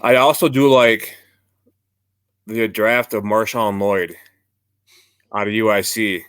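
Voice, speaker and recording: A man hosts a sports podcast in a relaxed, conversational way. His voice is low and smooth, and it sounds close and dry, with no room around it. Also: slow pace, dry recording. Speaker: podcast host. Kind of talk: casual sports chat.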